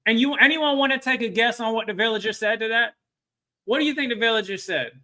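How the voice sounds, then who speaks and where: High, bright-voiced male webinar presenter. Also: fast talker. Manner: engaging, quizzes the audience often. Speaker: workforce training webinar presenter. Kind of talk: live webinar talk with storytelling.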